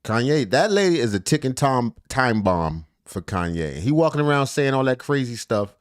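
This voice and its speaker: A man talking over a video he is reacting to, in loose, rambling commentary full of jokey asides. His pitch swings up and down with lively energy, and the sound is close and dry. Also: normal speed, dry recording.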